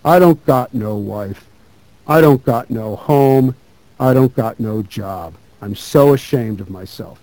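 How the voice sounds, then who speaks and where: A man voicing a big, drunk, rough-spoken laborer as he reads a story aloud. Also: medium pitch, expressive, a little fast, hardly any pauses, warm tone, dry recording, natural voice, low-quality recording. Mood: ashamed. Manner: bellowing, rough.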